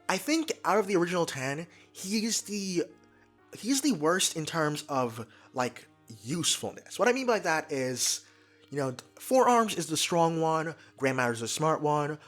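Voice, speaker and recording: A young man giving excited, casual commentary, talking fast and tripping over his words in his eagerness. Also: fairly high pitch. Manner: energetic, fast, stumbles and restarts when excited. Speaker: YouTube commentator.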